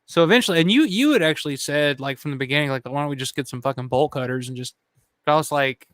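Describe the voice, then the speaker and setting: A man with a slightly high, smooth and clear voice hosts a relaxed chat. He tells a story loosely, swears freely and laughs often. The sound is dry and close. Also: quick pace, no echo. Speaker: channel host.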